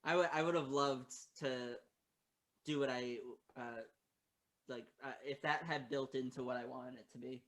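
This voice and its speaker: A young man guests on a casual podcast, calling in from home. He delivers his jokes in a dry, blunt, deadpan way, in an ordinary mid-range voice. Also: mid-range voice, moderate pace. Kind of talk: casual comedic chat.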